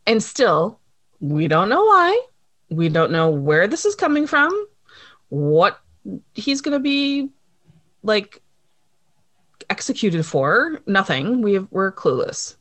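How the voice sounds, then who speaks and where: A woman in casual chat recapping a TV episode, animated and laughing often, acting out the characters' lines. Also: mid-range voice, slow, pauses often, dry recording. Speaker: podcast co-host recapping a TV episode.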